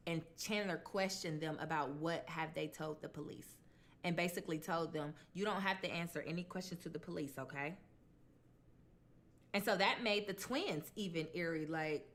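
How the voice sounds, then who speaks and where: A woman's voice: lowish voice, fairly bright tone. A woman hosting a mukbang, casually telling a true crime story with blunt, colloquial asides. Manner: chatty, conversational, retells dialogue in quoted voices.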